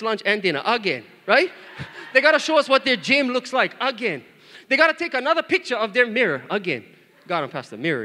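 A male pastor preaching to his congregation in an animated, joking way, calling out to them for responses. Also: very high-pitched. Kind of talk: sermon. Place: church. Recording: reverberant church hall.

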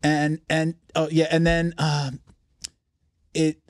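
A man's voice: on the high side, completely flat delivery, slow, dry recording, studio quality. A man hosting a podcast, chatting casually with lots of restarts and frequent laughter. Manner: rambling, many restarts, laughs often. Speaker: podcast host. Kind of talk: casual interview chat.

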